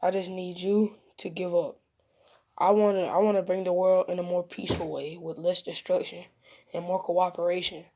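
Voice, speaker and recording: A woman's voice: fairly low pitch, level tone, moderate pace, mellow, highs cut off. A woman reading as an earnest young ninja hero.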